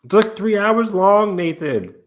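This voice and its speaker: A man's voice: sits high, lively intonation, a little slow, slight background noise. A man hosting a casual fan podcast, rambling with lots of fillers, laughing often and swearing casually. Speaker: podcast host.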